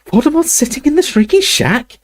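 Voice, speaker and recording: A man voicing a bossy, clever teenage schoolgirl witch in an audiobook reading, pitched high and insistent. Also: sing-song, moderate pace, a little mellow, full character voice. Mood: outraged.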